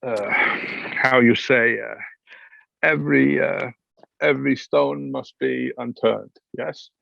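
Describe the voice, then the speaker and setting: A man voicing a pompous, hesitant duke who speaks haltingly. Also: medium pitch, steady tone, vocal fry, pushed and bright, no echo, lo-fi sound, heavily acted. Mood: haughty. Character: pompous foreign-accented duke, male, middle-aged.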